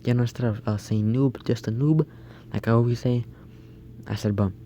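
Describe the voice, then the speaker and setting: Rambling young man with a mellow voice. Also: medium pitch, steady tone, normal speed, a little hiss or hum. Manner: rambling, restarts sentences, storytelling. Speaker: gaming YouTuber. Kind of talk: casual gameplay commentary.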